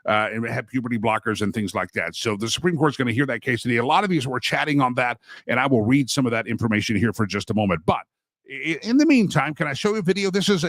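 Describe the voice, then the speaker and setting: A man's voice: medium pitch, fairly bright tone, dry recording. A man hosts a casual daily talk show, rambling and opinionated, and restarts his sentences often. His voice is recorded close and dry, with no room sound.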